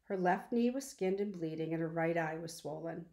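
A woman reading a children's novel aloud in a calm, measured storytelling voice. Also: on the low side, gravelly. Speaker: audiobook reader. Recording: roomy echo.

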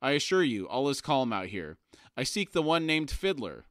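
A man's voice: medium pitch, very animated, normal speed, fairly bright tone, no echo, clean studio sound. A man voicing a plump, courteous male merchant who speaks in a polished, formal way.

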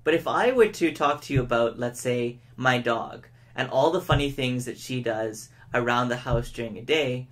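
A man giving a public speaking lesson, who shows each point by speeding up, slowing down and shifting his tone of voice. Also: medium pitch, a bit bright. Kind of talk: educational lesson to camera.

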